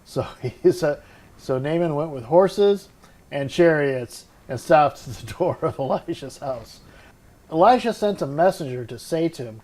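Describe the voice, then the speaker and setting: A man's voice: a little high, animated, measured pace, a little mellow. A man hosting a casual Bible study talk, reading scripture aloud and then musing on it with many fillers and restarts. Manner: admits unsure pronunciations. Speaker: podcast host.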